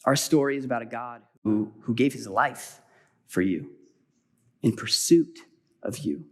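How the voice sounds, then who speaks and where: A middle-aged man with a mid-range voice preaches as pastor, weaving in a personal story. He moves in animated fashion from loud urging to quiet, hurried asides.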